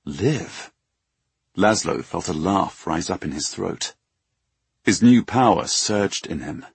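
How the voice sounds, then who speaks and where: Male fantasy audiobook narrator, very deep and husky, dry close recording. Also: animated, a little slow, no echo.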